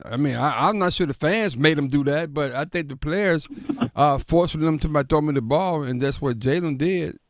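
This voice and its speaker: A man's voice: on the high side, moderate pace, dry recording, clean studio sound. Chatty male sports radio host. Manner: relaxed, affirming, chatty. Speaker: sports talk show host. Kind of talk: casual sports radio talk.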